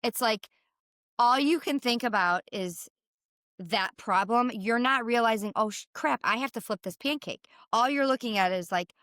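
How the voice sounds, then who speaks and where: A woman's voice: on the high side, normal speed, a bit bright, no echo, clean studio sound. A woman co-hosting a casual podcast, chatty and full of "like", who acts out inner thoughts as she explains.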